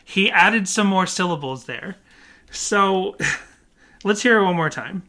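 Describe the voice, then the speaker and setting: A man co-hosting a casual podcast, animated and puzzled, often laughing as he talks. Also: high voice, slow, a little hiss or hum. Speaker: podcast co-host.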